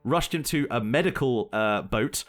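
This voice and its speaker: A young man co-hosts a loose, casual podcast and talks at an ordinary middle pitch. He tells the story chattily and keeps breaking into laughter along the way. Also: expressive, normal speed, a bit bright, faint music behind. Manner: laughs often while telling the story. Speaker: podcast co-host.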